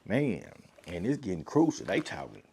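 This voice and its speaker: A man telling a personal story in casual, slangy speech, full of filler phrases and profanity, growing more animated at the tense parts. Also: on the low side, normal speed, vocal fry, a little hiss or hum. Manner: animated, rising louder in tense moments.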